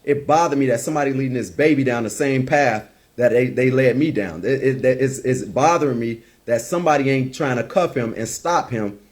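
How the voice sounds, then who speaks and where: A man's voice: mid-range voice, fairly quick, hardly any pauses. A man, giving impassioned, preachy commentary as a podcast host and stumbling over repeated words. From United States. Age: 30s. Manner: preachy, emphatic, repeats words when heated.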